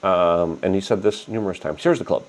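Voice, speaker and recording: A man hosting a political commentary show, animated and indignant, talking with strong emphasis. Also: sits low, fairly quick. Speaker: host.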